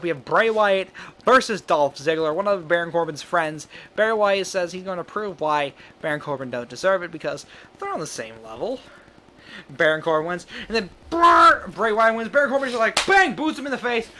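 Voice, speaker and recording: A man casually talking through an imagined wrestling show, rambling with quick asides and laughing at his own jokes. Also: high voice, fairly bright tone, slight background noise. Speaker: fantasy booking commentator. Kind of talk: casual solo commentary.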